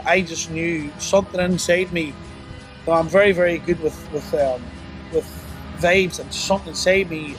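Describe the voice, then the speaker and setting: Remorseful man, halting speech. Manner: halting, full of "you know" and restarts; remorseful, low and subdued. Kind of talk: personal confession interview.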